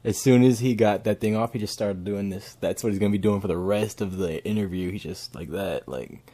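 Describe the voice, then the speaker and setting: A man's voice: lowish voice, brisk, warm tone. A man streaming casual reaction commentary, cracking crude jokes and laughing often.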